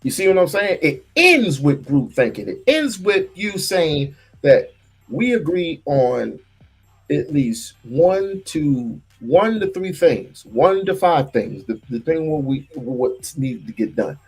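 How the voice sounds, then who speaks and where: A man's voice: fairly high pitch, very animated, slow, slightly rough, soft background music. A man hosting a casual livestream, talking in bursts with stammered restarts and repeated words. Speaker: livestream host.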